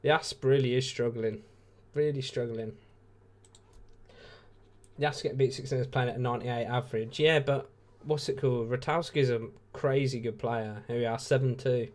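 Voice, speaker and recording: A man's voice: mid-range voice, fairly even intonation, moderate pace, darkish tone. A tired man hosting a live watch-along stream, giving laid-back, chatty commentary with jokey asides. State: tired, yawning. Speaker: stream host.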